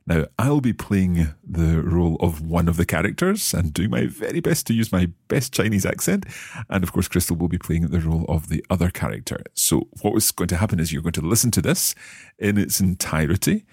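A man's voice: sits low, expressive, a little fast, a little mellow, breathy edge, no room sound, clean studio sound. A man hosting a language lesson, chatty and enthusiastic. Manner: chatty, enthusiastic, repeats words. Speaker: language course host.

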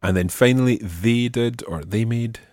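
A man's voice: medium pitch, normal speed, a little mellow, no room sound, clean studio sound. A man teaching a Spanish lesson, patiently explaining step by step and prompting his student. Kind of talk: spoken language lesson.

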